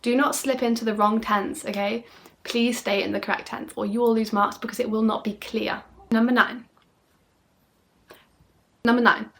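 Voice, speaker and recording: A woman's voice: a little high, moderate pace, long pauses, a little hiss or hum. A woman from the UK teaching an exam lesson in an upbeat, emphatic way, often checking in with the listener. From United Kingdom. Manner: animated, playing up phrases with dramatic tone. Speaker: French exam tutor. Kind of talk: video lesson monologue.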